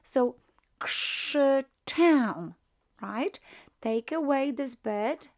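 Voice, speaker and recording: A woman with a Polish accent teaching a grammar lesson, patiently walking through verb forms and checking in with "right?" after each step. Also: on the high side. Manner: patient, repeats "right?" after each point, many fillers.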